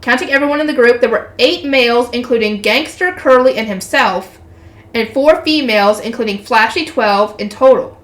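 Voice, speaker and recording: A woman's voice: fairly high pitch, moderate pace. A woman reading a light novel aloud for her channel, breaking off into chatty, swearing asides. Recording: roomy echo.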